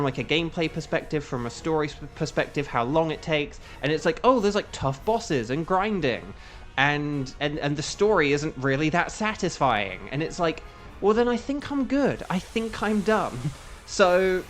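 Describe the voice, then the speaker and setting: A man's voice: fairly high pitch, animated, normal speed, a bit bright, soft background music. A man who is a voice actor, chatting casually to his viewers while streaming a game, rambling and self-aware with lots of fillers. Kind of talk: casual live-stream chat over gameplay.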